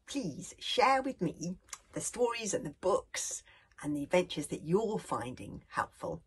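A British woman, a children's author, reading her storybook aloud in an expressive way that often drops to a whisper. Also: on the low side, a little slow, breathy edge. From United Kingdom.

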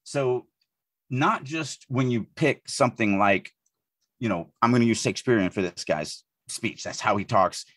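A man from the Deep South, co-hosting a podcast and talking through writing edits in an animated way, often restarting his sentences. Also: moderate pace, no room sound. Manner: animated, thinks aloud with frequent restarts. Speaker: podcast co-host, writing editor. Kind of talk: casual podcast discussion.

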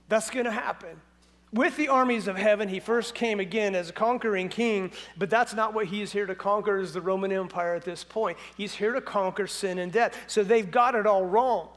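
A male pastor preaching a sermon in an animated, jokey storytelling way. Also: sits high, fairly quick.

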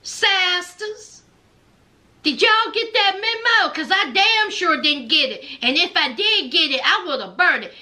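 A sassy woman hosts a reality TV recap, teasing and talking straight to her viewers. Her voice is high and very lively, with a bright edge, and she takes her time. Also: measured pace.

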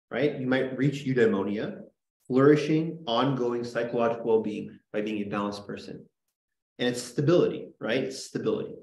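A man's voice: medium pitch, darkish tone, reverberant, low-quality recording. A man teaching a classroom lesson in a chatty, joking way, often checking in with "right?". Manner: chatty, jokey, lots of "right?" and "like". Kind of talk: classroom lecture.

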